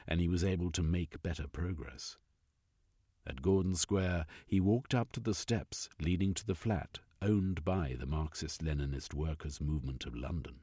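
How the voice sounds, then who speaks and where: Brief: deep, husky male storyteller, lively delivery, dry close sound, faint music behind. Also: unhurried, no room sound. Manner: expressive, varied. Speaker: narrator. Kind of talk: audiobook narration.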